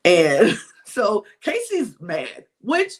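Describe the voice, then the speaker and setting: A podcast co-host with a husky, mid-range voice draws out words during a casual reality TV recap. They tell stories animatedly and act out quotes.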